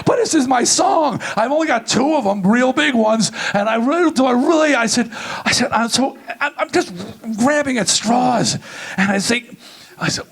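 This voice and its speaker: A middle-aged man giving a comedic, profane keynote and telling a story with lively energy. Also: extremely high pitch, moderate pace, vocal fry. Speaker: keynote speaker. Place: large event venue.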